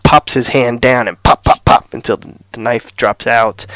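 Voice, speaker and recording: A man's voice: mid-range voice, normal speed, no echo. A man co-hosting a casual podcast, retelling a TV episode and acting out the characters' lines. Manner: animated retelling, acting out dialogue. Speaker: podcast co-host. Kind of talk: casual recap chat.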